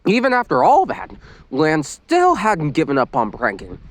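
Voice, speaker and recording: Expressive man reading a story. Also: a little high, normal speed. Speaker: reader. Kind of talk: reading fan fiction aloud.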